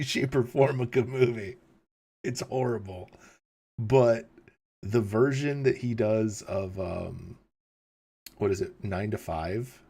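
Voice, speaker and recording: A man's voice: on the low side, a little mellow. A man hosting a livestream, rambling casually, chuckling and reading chat questions aloud, tired in the early morning. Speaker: livestream host.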